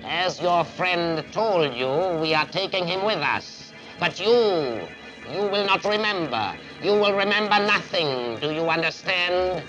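An actor playing a cold alien intelligence that speaks through a man, slow, flat and menacing, in an old radio play. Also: high voice. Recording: dull old radio play recording with music.

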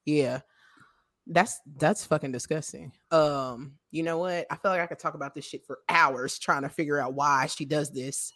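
A woman's voice: low-pitched, moderate pace, a bit bright, dry recording. A woman co-hosting a podcast in casual chat, blunt and profane, breaking into laughter often. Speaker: podcast co-host.

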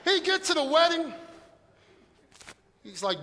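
Middle-aged male pastor, very high bright voice, jokey and animated sermon; big echoing church hall. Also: moderate pace, a faint crowd. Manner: animated, humorous, conversational, shouting for emphasis. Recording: long echo of a large hall.

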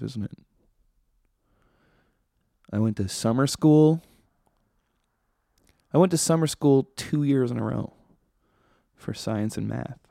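A man in the middle of his pitch range rants sardonically through a casual comedy monologue as a podcast host. He swears freely. His voice sits close and dry, with no room around it. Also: creaky, dark tone, dry recording. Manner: ranting, sardonic, profane.

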